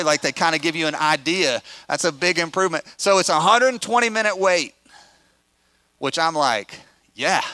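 A middle-aged pastor tells a story to his listeners, animated and conversational, acting out the quotes as he goes. His voice is bright and crisp, fairly high for a man. The sound is dry and close. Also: no room sound. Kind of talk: storytelling sermon.

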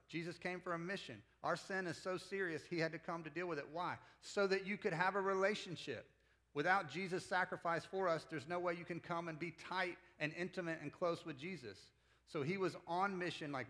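Male pastor with a slightly high voice, relaxed conversational sermon delivery. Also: brisk. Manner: conversational, acts out the disciples in casual voices.

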